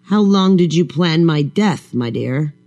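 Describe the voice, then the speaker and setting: A man's voice: on the high side, animated, unhurried, darkish tone. A man voicing a cruel, sneering undead husband with a mocking, contemptuous drawl.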